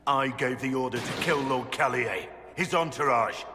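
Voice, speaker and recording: An actor playing a gravelly, guilt-ridden warrior in a video game, speaking gravely and condemning himself. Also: male voice, normal speed, reverberant, long reverb tail, noisy background, close to an everyday voice. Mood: anguished. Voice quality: deep gravelly voice. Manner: grave, heavy, self-condemning. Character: gruff guilt-ridden male warrior confessing.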